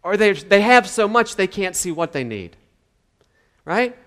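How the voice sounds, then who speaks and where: Male pastor, casual sermon delivery, slightly high voice, long hall reverb. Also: sing-song, unhurried, a bit bright. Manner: conversational, acts out quoted voices.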